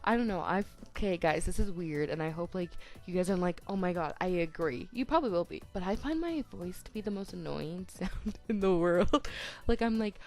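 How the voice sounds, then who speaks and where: Chatty teen girl with a gravelly edge. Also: lowish voice, animated, brisk, faint music behind. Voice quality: voice cracks, soft-spoken. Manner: chatty, self-deprecating, lots of "like", tongue-tied restarts. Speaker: YouTuber. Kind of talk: rambling voice-over chat during a speed build. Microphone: home desk microphone.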